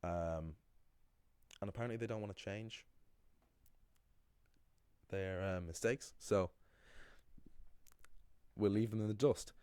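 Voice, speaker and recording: Guy with a really low mellow voice going off about pronunciation mistakes, dry close sound. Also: dry recording. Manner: emphatic, critical, with frequent restarts. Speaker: Irish language teacher. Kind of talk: explaining pronunciation to learners.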